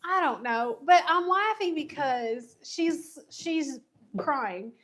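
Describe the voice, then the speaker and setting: High-voiced woman telling a funny story. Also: animated, takes it slowly, fairly bright tone. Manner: storytelling, laughs a lot. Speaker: craft show co-host. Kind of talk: casual chat while crafting.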